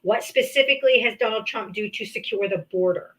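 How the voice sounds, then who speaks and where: A woman's voice: medium pitch, brisk, a bit bright, rough recording. A woman hosting a livestream call-in, arguing politics bluntly and with profanity, cutting in on her guest. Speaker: livestream host. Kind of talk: heated political call-in debate.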